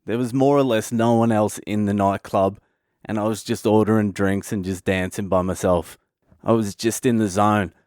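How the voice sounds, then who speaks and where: A man's voice: on the low side, fairly even intonation, normal speed, darkish tone, dry recording, studio quality. A man in his thirties from Australia with an Australian accent, telling a comic story on his own podcast in a loose, profane way. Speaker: comedian podcast host.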